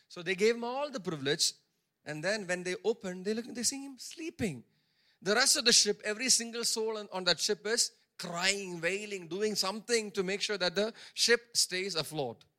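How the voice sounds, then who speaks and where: Emphatic high-voiced male pastor preaching. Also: pushed and bright. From India. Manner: emphatic, repeats phrases for stress; acts out characters' words in his own voice. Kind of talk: sermon.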